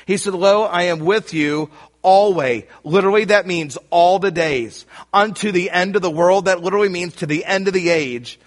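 Emphatic preaching man, fairly high voice. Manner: emphatic, rising to shouts on key lines; addresses listeners directly. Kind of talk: sermon.

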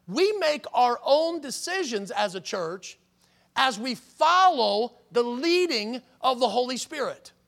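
A man's voice: extremely high pitch, very animated, slow, vocal fry, fairly bright tone. A man preaching a sermon as pastor, emphatic and stressing key words, with frequent restarts.

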